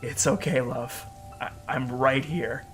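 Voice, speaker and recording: A man voicing a tender, devoted partner who speaks softly and soothingly in a dramatic story reading. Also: on the high side, a little slow, faint music behind. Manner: soft, soothing, hushed.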